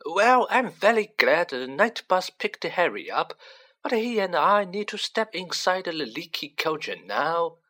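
Man voicing a high-voiced, testy, portly male official; pointed and weary. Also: wildly swooping pitch, a little slow, hardly any pauses, fairly bright tone, heavily acted. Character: portly, tired, testy middle-aged male minister.

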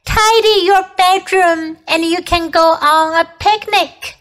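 A woman's voice: very high voice, steady tone, slow pace, voice pushed up, heavily acted. A woman voicing an eager, caring young child who looks after a pet tiger, in a bilingual children's storybook reading. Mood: caring, scolding. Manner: bright, eager, bilingual repeats.

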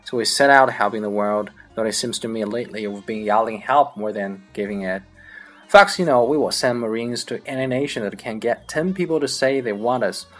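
A man whose first language is Chinese, reading a comic monologue aloud in English with a lively storytelling delivery. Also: fairly low pitch, fairly quick. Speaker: English learner practicing accents.

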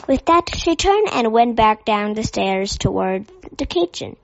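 Slow woman reading a storybook. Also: a little high, lively intonation, creaky, a little hiss or hum. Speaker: narrator. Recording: dull dry lo-fi recording.

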